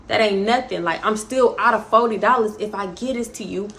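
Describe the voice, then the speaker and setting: A woman voicing a blunt young male dealer who brushes off a low offer. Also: a little fast, fairly bright tone, lightly acted. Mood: flat. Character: blunt dismissive young man, street dealer.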